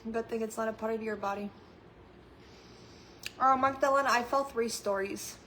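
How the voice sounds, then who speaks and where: A blunt young woman talks casually to her viewers, swearing freely and laughing often. Her voice sits a little high. The recording carries a clear layer of background noise. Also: moderate pace, a bit bright, low-quality recording. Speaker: channel host, mother. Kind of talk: casual chat reacting to viewers.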